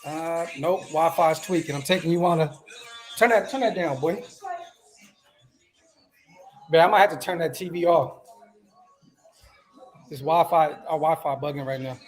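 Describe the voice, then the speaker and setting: A man hosting a casual livestream podcast outdoors at home, talking in hyped slang and giving shout-outs to viewers. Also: on the high side, a little slow, long pauses, faint music behind. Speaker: podcast host.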